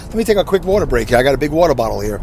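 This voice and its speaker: Recording a solo podcast from his car, this sixty-something host rambles casually, corrects himself and asks his listeners questions. He talks rapid-fire and very animatedly in a slightly high, slightly mellow voice. A little hiss or hum can be heard.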